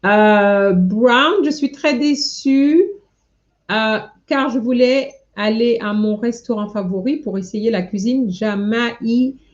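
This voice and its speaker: A woman teaching French over a live stream, talking slowly and patiently as she corrects each student's answers in turn. Her voice sits fairly high. The sound is a little dull and lo-fi, as from a computer mic. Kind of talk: live online lesson.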